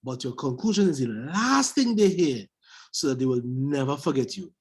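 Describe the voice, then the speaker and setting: A man's voice: mid-range voice, big pitch swings, moderate pace, slightly rough. A man on a video call giving emphatic coaching feedback on a speech, repeating his points. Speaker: speech evaluator.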